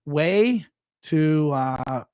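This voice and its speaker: A man co-hosting a live podcast, pitching upcoming events in an upbeat, promotional way with hype slang. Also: lively intonation, very slow, a little mellow, clear, resonant tone, no room sound. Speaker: podcast co-host and fight promoter. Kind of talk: casual live podcast chat. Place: studio.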